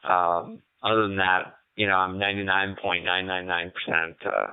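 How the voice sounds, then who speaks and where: A man chatting casually over amateur radio, relaxed and thoughtful, pausing often with fillers. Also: low voice, clean tone, dry recording. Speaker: ham radio operator calling in. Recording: tinny radio transmission.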